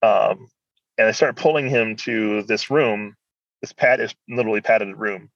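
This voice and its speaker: A man as a guest, telling a personal story in an animated, rambling way. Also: fairly low pitch, measured pace, no room sound, dull audio.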